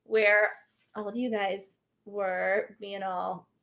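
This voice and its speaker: A woman co-hosting a casual recap chat, chatty and self-deprecating, with quick asides. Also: medium pitch, little pitch movement, creaky, a bit bright, muffled recording. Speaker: co-host, former race winner.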